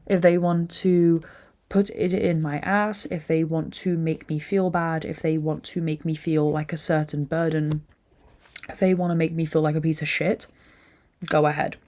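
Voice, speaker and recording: A woman's voice: low voice, level tone, moderate pace, darkish tone. A young woman hosting a podcast, drained and upset, venting candidly and swearing often. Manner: emotional venting, frequent swearing. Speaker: podcast host. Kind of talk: candid solo monologue.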